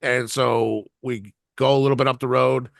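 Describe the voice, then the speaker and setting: A man's voice: mid-range voice, level tone, moderate pace, creaky, no echo, clean studio sound. A man co-hosting a podcast, telling a long, rambling, profane story and laughing along as he goes. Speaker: podcast co-host. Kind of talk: casual anecdote telling.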